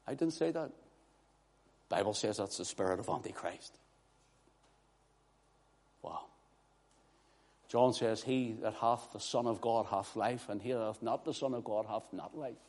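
A man preaching a sermon, swinging from hushed, quiet passages to loud, impassioned declarations. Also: on the low side, a little slow, long pauses. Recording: long hall reverb.

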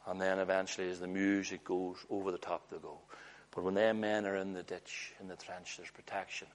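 A man preaching a sermon in an earnest, storytelling way, often letting his voice drop low and hushed. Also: little pitch movement, a little fast.

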